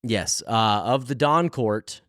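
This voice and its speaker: A man co-hosting a podcast in a casual book discussion chat, laid-back and quick to laugh. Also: mid-range voice, a bit bright, no echo, studio quality. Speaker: podcast co-host.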